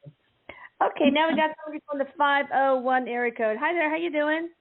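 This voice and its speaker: A woman hosting a casual call-in radio show, greeting callers with quick, chatty reactions. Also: sits high. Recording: tinny phone-line sound.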